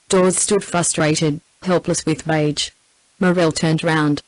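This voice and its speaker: A synthetic woman's voice with an Australian accent reading a novel aloud in an even, scripted narration. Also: low voice, slow, dry recording, low-quality recording. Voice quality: even synthetic text-to-speech delivery. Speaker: audiobook narrator.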